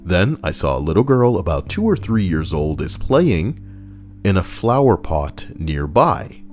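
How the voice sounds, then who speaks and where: Male streamer, deep and expressive, casual sarcastic chat over faint music. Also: unhurried. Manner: animated, sarcastic, jokes with chat. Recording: soft background music.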